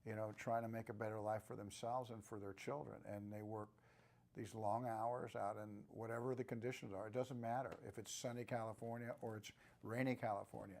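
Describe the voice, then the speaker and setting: A man in his sixties, an actor, answering interview questions in a relaxed, reflective way with frequent restarts. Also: lowish voice, fairly quick, vocal fry. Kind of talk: press junket interview.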